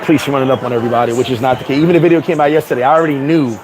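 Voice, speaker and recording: A man vlogging outdoors, telling a story in a loose, animated way, swearing and acting out other people's voices. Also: mid-range voice, very fast, rough recording. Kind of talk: casual storytelling to camera. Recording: street crowd noise behind.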